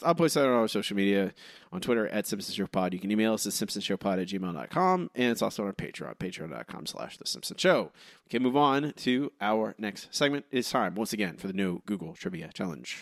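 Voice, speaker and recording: A man co-hosting a casual podcast and running a trivia quiz, teasing his partner with quick asides. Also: on the low side, very animated, no echo, clean studio sound. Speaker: podcast co-host and quiz master.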